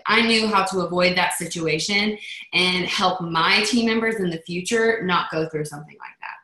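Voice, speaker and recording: A woman's voice: medium pitch, bright, forceful tone, roomy sound, rough recording. A woman leading a motivational team call in a chatty manner, acting out the voices she quotes. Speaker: network marketing team leader.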